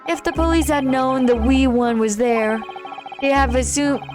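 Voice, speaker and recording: A woman voicing a shifty male witness in a put-on Southern drawl, speaking slowly and folksily. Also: sits high, fairly even intonation, music in the background, close to an everyday voice. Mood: folksy, evasive. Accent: put-on American Southern. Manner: slow, drawn-out folksy speech.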